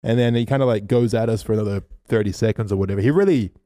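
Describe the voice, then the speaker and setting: Man, podcast co-host, low mellow voice, casual sweary storyteller. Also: rapid-fire, dry recording, clean studio sound. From Australia. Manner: animated storyteller, swears freely, acts out quotes.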